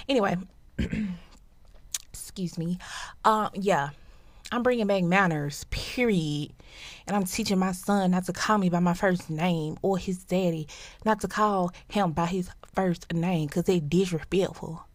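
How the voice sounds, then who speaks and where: A woman's voice: lowish voice, dry recording. A young woman hosting her own podcast in a casual, playful chat, speaking straight to her listeners and jumping between tangents. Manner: animated, playful, talks to listeners directly, quick tangents. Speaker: podcast host.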